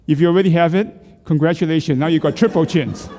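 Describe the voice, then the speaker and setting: Speaking fast in a mellow, slightly high voice, a middle-aged man leads neck exercises in a large church hall. He mixes coaching with questions and jokes for the group.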